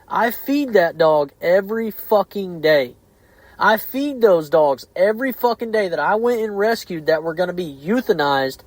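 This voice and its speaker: A man's voice: high-pitched, dry recording, poor audio. A man, hosting a casual podcast chat, swearing heavily and speaking bluntly and heatedly.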